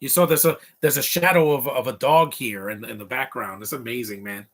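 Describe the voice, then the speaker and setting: A man's voice: medium pitch, brisk, few pauses, a bit bright, husky. A man giving casual live commentary over a film, chatty and reacting as it plays. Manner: chatty, quotes film lines along.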